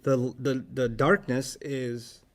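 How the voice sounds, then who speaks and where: A man with an American accent teaching Arabic in a relaxed one-on-one class, joking and explaining with vivid everyday examples. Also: mid-range voice, takes it slowly.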